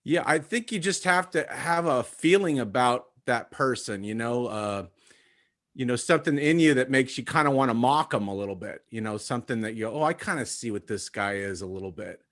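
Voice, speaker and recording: A man's voice: medium pitch, lively intonation, fairly quick, fairly bright tone. A man who does impressions, a guest on a podcast, talking casually in a rambling way full of filler phrases. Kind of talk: casual chat.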